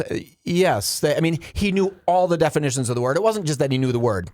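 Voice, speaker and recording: A man hosting a podcast, telling an animated story in casual chat and acting out quotes. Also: a little high, fast talker, hardly any pauses, dry recording, studio quality. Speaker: podcast host.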